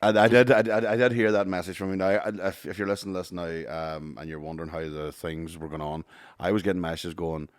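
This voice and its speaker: A man's voice: deep voice, steady tone, fast talker, dry recording, clean studio sound. A man co-hosting a podcast in casual chat, who teases his partner and reacts with short remarks. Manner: brief reactions and teasing remarks. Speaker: podcast co-host.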